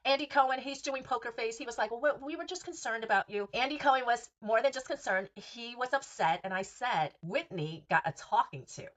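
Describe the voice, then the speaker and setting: A woman's voice: a little high, expressive, brisk, few pauses, fairly bright tone. A woman hosting a podcast, recapping reality TV gossip in a sassy, profane and emphatic way. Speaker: podcast host.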